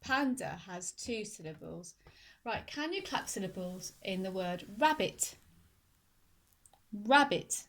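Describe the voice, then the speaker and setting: Casting: woman, primary teacher, unhurried and clear, bright tone, stretches out each syllable. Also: mid-range voice, animated. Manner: slow, clear, sounds words out syllable by syllable. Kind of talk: phonics lesson for young children.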